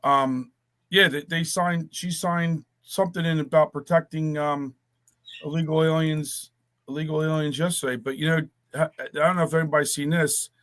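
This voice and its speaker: A man's voice: fairly high pitch, steady tone, moderate pace, a bit bright. A man co-hosting a casual political talk stream, reading viewer comments aloud and teasing his co-hosts. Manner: reads chat comments aloud, joking, teasing. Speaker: co-host. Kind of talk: casual political chat show.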